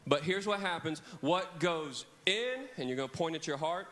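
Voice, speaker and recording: A camp preacher gives an animated children's sermon in a large church hall full of kids, leading call-and-response on a handheld microphone. His voice is fairly high, at normal speed, with hardly any pauses.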